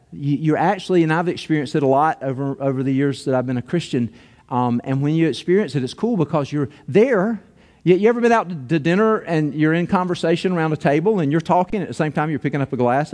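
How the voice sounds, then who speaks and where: Animated preacher, higher-pitched man. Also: in a large hall. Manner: conversational, animated preaching with acted-out quotes. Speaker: pastor. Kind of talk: sermon.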